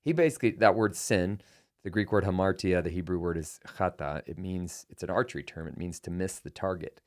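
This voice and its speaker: A man's voice: deep voice, brisk. A middle-aged man hosting a podcast, telling a personal story and acting out quoted dialogue. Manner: animated, acts out quoted dialogue. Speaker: podcast host. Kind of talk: conversational storytelling.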